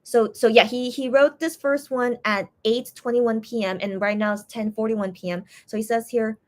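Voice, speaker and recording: A young woman chatting casually on a live stream, reading viewer comments and translating messages with frequent pauses and restarts. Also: a little high, fairly even intonation. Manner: hesitant, many restarts while translating.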